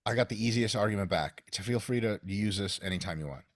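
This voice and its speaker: A man's voice: fairly low pitch, fast, no echo, studio quality. A man from Russia talking as a coach on a casual podcast, ranting profanely and acting out mock quotes.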